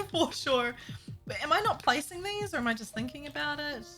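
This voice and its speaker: A woman's voice: sits high, animated, normal speed, sharp tone, soft background music. A woman, chatting casually with her stream audience while building, giggling and talking to herself. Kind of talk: casual chat while building a game map.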